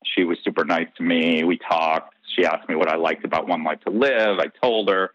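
A man telling a personal story in an interview, bringing the dialogue to life and breaking into laughter. His voice sits fairly low and is recorded dry and dull, with a slightly lo-fi sound. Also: moderate pace, dry recording. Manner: animated anecdote with quoted dialogue and laughs. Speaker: interview guest. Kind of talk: casual storytelling.

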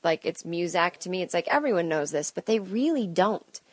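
A woman's voice: on the low side, expressive, moderate pace, no room sound. A woman in her late thirties hosting a solo podcast, rambling and self-deprecating with chatty asides, talking alone at home into a close mic. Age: late 30s. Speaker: podcast host and comedian. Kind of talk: solo stream-of-consciousness podcast. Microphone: close studio mic.

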